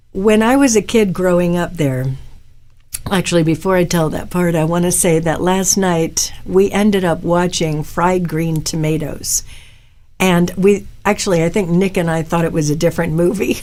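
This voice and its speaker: A middle-aged woman from Florida hosts a live talk stream in a slightly low voice. She chats casually and rambles freely, breaking off into asides and tangents as she goes. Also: fairly even intonation, normal speed, a little mellow. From Tampa, Florida. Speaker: talk show host and hypnotherapist.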